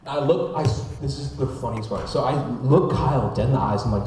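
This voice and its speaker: A young man preaching a sermon, telling a personal story in a chatty, animated way. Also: mid-range voice, quick pace, a little hiss or hum. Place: church sanctuary. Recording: echoey church hall from far off.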